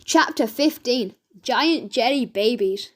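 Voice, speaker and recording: Slow, high-voiced woman reading a children's story. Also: expressive. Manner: reads slowly with self-corrections. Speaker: reader.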